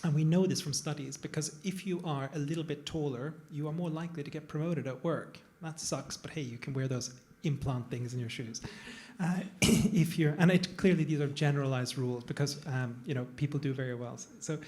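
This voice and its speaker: A man's voice: on the high side, brisk, few pauses, a little mellow. A man, a plastic surgeon, talking casually on a panel to a live audience, digressive and self-deprecating. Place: event room with an audience.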